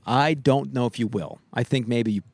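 A man's voice: mid-range voice, moderate pace, a little mellow. A man co-hosting a podcast, chatting casually in a backyard into a handheld microphone, rambling with laughs and swearing. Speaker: podcast co-host.

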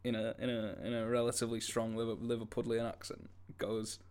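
A man's voice: medium pitch, monotone, brisk, a little mellow, clear, resonant tone. A young man co-hosting a podcast, telling stories in a rambling, laid-back way with lots of fillers. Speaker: podcast co-host. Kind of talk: casual chat.

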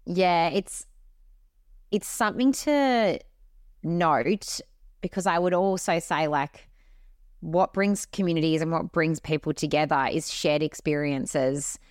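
A woman's voice: sits low, takes it slowly, dry recording, studio quality. A young Australian woman co-hosting a podcast in casual chat, telling stories with casual swearing. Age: young adult. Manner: lively storyteller, swears casually. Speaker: podcast co-host.

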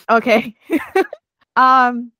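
A woman's voice: on the high side, little pitch movement, drawn-out words, bright, forceful tone, dry recording. Gushing chatty woman, dry sound. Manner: gushing, emotional, many "like" fillers. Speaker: co-host. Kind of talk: casual chat recapping a TV drama.

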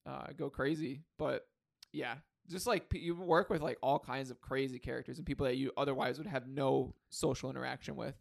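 A man's voice: mid-range voice, fairly even intonation, fairly quick, vocal fry. A young man co-hosting a podcast, chatting in an easygoing way full of fillers. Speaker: podcast co-host. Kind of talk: casual chat.

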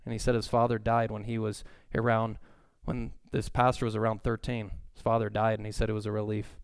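A man in his thirties preaching a sermon in an earnest, conversational way, with sudden excited outbursts. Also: lowish voice, brisk, gravelly, clean tone, no echo, clean studio sound. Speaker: pastor.

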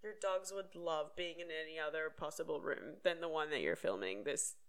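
A woman's voice: low-pitched, moderate pace. A woman co-hosting a casual podcast, telling stories animatedly, acting out quotes and swearing freely. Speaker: podcast co-host. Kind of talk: casual chat.

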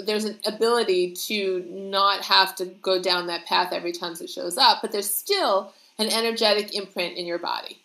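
A woman's voice: mid-range voice, bright, forceful tone. Earnest woman in an echoey room. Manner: earnest, restarts often, laughs between thoughts. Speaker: co-host. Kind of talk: casual spiritual chat.

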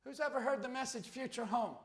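A man preaching a fiery sermon as pastor, with rhetorical questions that build into shouts. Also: extremely high pitch, fairly quick. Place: church sanctuary. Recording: echoey church hall.

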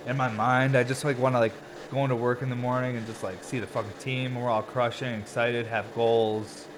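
A man's voice: medium pitch, level tone, brisk, a crowd in the background. A young man hosting a solo podcast, rambling in a laid-back, stoned way, full of filler words and casual swearing. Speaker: podcast host and glass blower.

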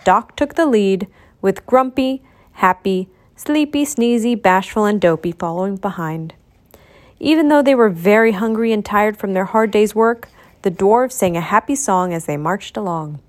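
A woman's voice: medium pitch, animated, normal speed, a little mellow. Woman steadily reading a storybook. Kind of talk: scripted storybook narration.

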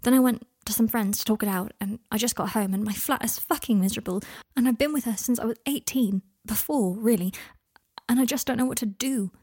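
A woman's voice: on the high side, fairly quick, dark tone, slightly rough, no room sound, clean studio sound. Woman reading as a miserable, hesitant young man. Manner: hesitant, often whispered.

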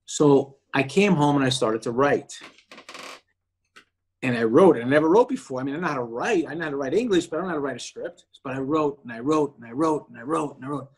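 A man, an actor guest, telling a personal story in casual talk, animated and acting out the voices of the people he quotes. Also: mid-range voice, fast talker, husky.

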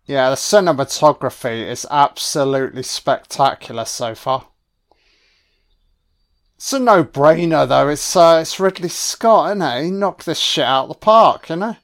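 A man's voice: fairly high pitch, lively intonation, normal speed. A man giving a casual, wisecracking film commentary on a first watch, swearing freely and talking back at the screen. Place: home recording, voice only.

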